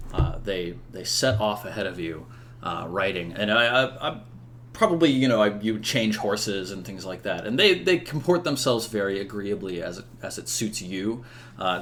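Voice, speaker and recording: A man's voice: lowish voice, fairly bright tone, slight background noise. A man narrates a tabletop role-playing game as game master. He rambles and hesitates with many fillers as he describes the scene.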